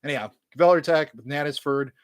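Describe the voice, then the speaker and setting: A man talking through his music collection on camera, his voice pitched a bit higher than most men's. He jokes crudely and mocks himself, rambling with lots of fillers and swearing. The sound is close and dry, with no room echo. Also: brisk, clean tone. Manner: crude, joking and profane, rambling with frequent fillers; enthusiastic and self-mocking. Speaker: music collector reviewing his new albums. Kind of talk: casual unscripted vlog.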